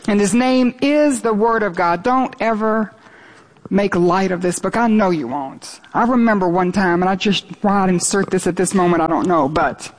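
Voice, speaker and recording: Older woman preaching earnestly. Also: mid-range voice. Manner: earnest, emphatic preaching, reading scripture aloud with rising intensity. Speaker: Bible teacher. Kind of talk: sermon.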